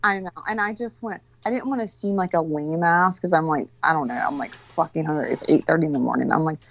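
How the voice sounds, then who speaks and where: Low-voiced woman telling a rambling story. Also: quick pace, vocal fry, hardly any pauses, dry recording, highs cut off. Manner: rambling, profane, exasperated. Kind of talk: casual storytelling chat.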